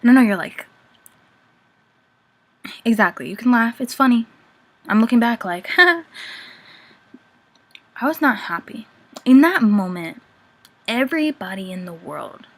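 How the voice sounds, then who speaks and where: A young woman talking casually to the camera, confessing her feelings with many filler words and now and then dropping to a whisper. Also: on the high side. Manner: chatty, many "like" fillers, drops to a whisper at times. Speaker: vlogger.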